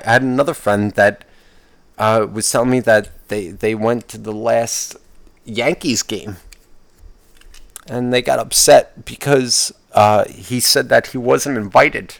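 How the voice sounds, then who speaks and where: A man with a gravelly, fry-heavy voice rants through a solo podcast. He swears constantly, trips over his own restarts, and sounds fed up. The sound is dry and close, with no room echo. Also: medium pitch. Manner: profane, rambling, restarts often; complaining, exasperated. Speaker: podcast host.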